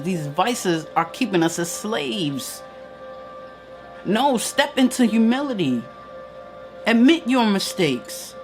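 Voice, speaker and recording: A woman hosts a live stream with an emphatic, preacher-like delivery and presses home her main points by repeating them. Her voice sits at a middle pitch. Soft music plays faintly behind her. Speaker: spiritual teacher hosting a live stream. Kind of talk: live-stream motivational talk reading viewer comments.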